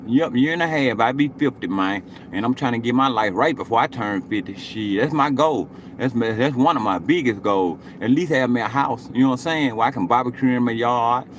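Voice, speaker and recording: A man in his late forties streams live and talks at his viewers in an unhurried, meandering way. He swears often and keeps looping back to the same points. His voice sits at an ordinary middle pitch, and a faint background noise runs under it. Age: 40s. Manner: rambling, profane, repeats "you know what I'm saying".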